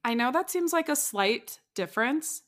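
A woman co-hosting a podcast, playful and quick to laugh, prompting her partner in casual chat. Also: high voice, animated, a bit bright. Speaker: podcast co-host.

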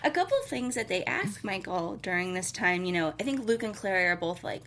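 A woman's voice: on the low side, expressive, fairly quick, creaky, fairly bright tone, a little hiss or hum. A young woman co-hosting a casual chat show, recapping an episode in a rambling, giggly way that corrects itself as she goes. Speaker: podcast co-host recapping a TV episode.

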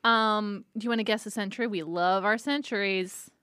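A woman's voice: mid-range voice, fairly even intonation, normal speed, sharp tone, smooth, no echo. Playful chatty woman, dry close sound. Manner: playful, teasing, chatty with fillers. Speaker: co-host presenting pizza facts. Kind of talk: casual podcast chat.

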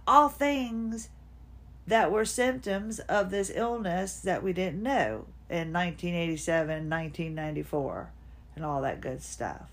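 A woman in her fifties talks at home in an unscripted personal monologue. Her voice sits a little low. She wanders between thoughts and sometimes coaches herself aloud. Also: animated, measured pace. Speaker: podcast host. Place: at home, seated.

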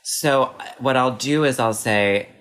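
A man chatting casually as a podcast co-host, animated and acting out the people in his stories. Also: mid-range voice, unhurried. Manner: animated storyteller, acts out quoted voices. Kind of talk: casual chat.

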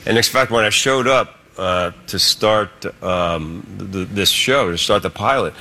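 A man's voice: fairly low pitch, unhurried, sharp tone. A man from Philadelphia telling an anecdote in a played interview clip, with many fillers and restarts. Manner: storytelling with hesitant fillers.

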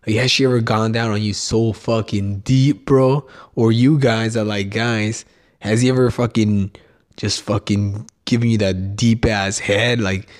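A young adult man hosting a solo comedy podcast, rambling and swearing, leaping into mocking high notes as he riffs. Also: fairly even intonation, a little slow. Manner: profane, rambling, jumps between topics; mocking sing-song jumps up in pitch. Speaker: podcast host.

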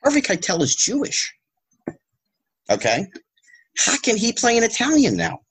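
A man talking as a podcast guest, animated and rhetorical with exasperated asides. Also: sits high, normal speed, vocal fry, breathy edge. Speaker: guest, former child actor. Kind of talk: casual podcast conversation.

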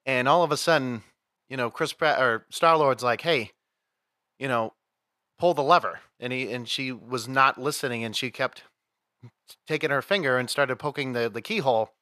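A man's voice: mid-range voice, moderate pace, sharp tone, no echo, clean studio sound. A man co-hosting a podcast, telling a story in a rambling casual way and acting out the quotes. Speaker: podcast co-host. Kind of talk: casual chat.

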